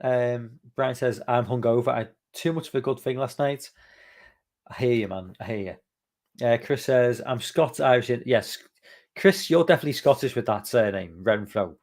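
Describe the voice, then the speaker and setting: A man's voice: mid-range voice, moderate pace, creaky, darkish tone. A male podcast host rambling casually on a live stream, reading viewer comments aloud and swearing freely. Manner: rambling, loose, swears freely, many fillers.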